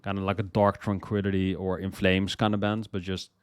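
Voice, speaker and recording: A young man with a smooth, fairly low voice talks casually about songs he loves. He rambles, stumbles over repeated words and swears freely as his excitement builds. The sound is dry and close, with no room around it. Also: a little fast, no echo. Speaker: music list host. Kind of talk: casual music commentary.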